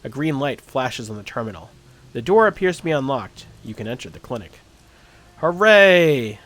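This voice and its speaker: A man's voice: mid-range voice, very animated, fairly quick. A man streaming a game live, reading its text aloud and chatting about his choices.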